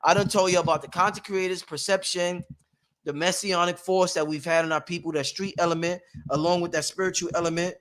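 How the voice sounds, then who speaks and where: A man's voice: sits high, fairly quick. A man hosting his own live stream, talking casually and preachily, with frequent laughter. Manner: animated, preachy, laughs often. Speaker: livestream host. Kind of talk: casual livestream monologue. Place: at home.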